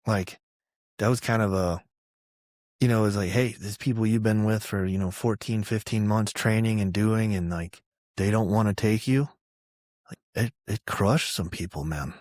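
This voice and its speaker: Male veteran guest, 30s, from Georgia; low, dry, animated profane storyteller. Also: moderate pace, dry recording. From Georgia, USA. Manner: profane, animated storyteller who acts out quotes loudly. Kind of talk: casual storytelling interview.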